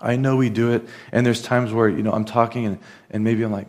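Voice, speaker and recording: A man's voice: on the low side, little pitch movement, fairly quick, a little mellow. A man preaching a sermon in an earnest, conversational manner, with casual asides. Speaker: pastor.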